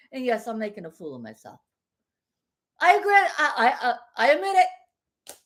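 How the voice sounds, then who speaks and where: A woman's voice: high voice, huge pitch swings, moderate pace, pauses often, a bit bright. A woman ranting in a casual vlog from home, blunt and heated, with mild swearing, rambling and repeating herself. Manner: rambling and repetitive. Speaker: vlogger.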